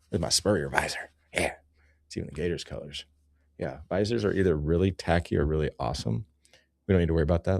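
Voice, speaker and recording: Low gravelly guy riffing on nature pics, swears a lot, wanders off topic, dry close sound. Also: warm tone, no echo. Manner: loose, profane, easily sidetracked, bursts into sing-song. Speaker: host. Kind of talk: rambling comedic commentary over photos.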